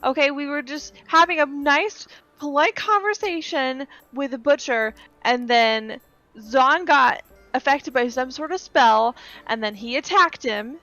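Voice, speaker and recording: A woman speaking with a high, bright voice at a tabletop game. She rushes through her story in long, rambling run-on sentences. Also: no room sound, soft background music. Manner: eager and rambling. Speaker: player. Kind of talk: casual tabletop game chat.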